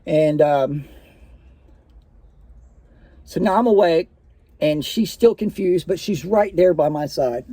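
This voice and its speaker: A man with a high, mellow voice recounts a personal story. He talks casually and swears freely, stopping to restart his sentences and fill the gaps with "uh" and "like.". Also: slow pace, long pauses, no echo. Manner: casual, profane, full of fillers and restarts.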